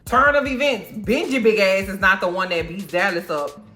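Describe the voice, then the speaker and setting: A woman with a bright, forceful voice gives a casual movie recap. She talks with sass and slang, keeps tossing in asides, and her tone stays lively the whole time. Soft music sits far back in the mix. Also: medium pitch, moderate pace. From American South. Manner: sassy, slangy and animated, with frequent asides. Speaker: movie reviewer.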